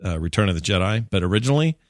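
A man hosting a casual movie chat, joking and animated, with silly put-on voices when he quotes people. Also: low-pitched, racing, dry recording, studio quality.

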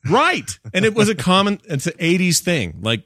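A man hosting a relaxed movie talk, his voice rising and falling widely as he jokes. The sound is close and dry, with no room around it. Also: high voice, normal speed, no room sound. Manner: animated, jokey, puts on silly voices when quoting. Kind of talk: casual movie chat.

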